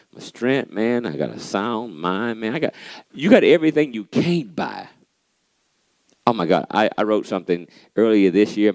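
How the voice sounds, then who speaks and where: Lively, low-voiced man giving a motivational pep talk. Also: no echo. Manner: animated and preachy, peppers lines with "man" and "baby"; repeats key lines for emphasis. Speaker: church speaker hosting a weekly pep talk.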